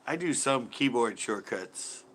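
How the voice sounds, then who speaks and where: A man's voice: mid-range voice, expressive, a little slow, fairly bright tone. A man hosting a casual live stream, reading viewer chat in a laid-back, tired way, often chuckling and trailing off mid-sentence.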